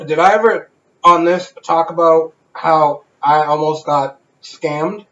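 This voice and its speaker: High-voiced man telling a profane story. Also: slow, fairly bright tone. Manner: profane storyteller, swears freely. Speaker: podcast co-host. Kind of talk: casual chat. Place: home garage. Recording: echoey garage, dull lo-fi sound.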